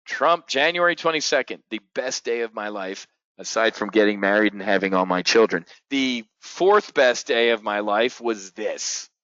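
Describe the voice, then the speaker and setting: A man hosts a live market show in a blunt, profane rant that swings from loud outbursts to low mutters. His voice is bone-dry with no room sound, and the stream audio is dull and lo-fi. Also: animated, normal speed, hardly any pauses, no echo. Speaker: trading show host.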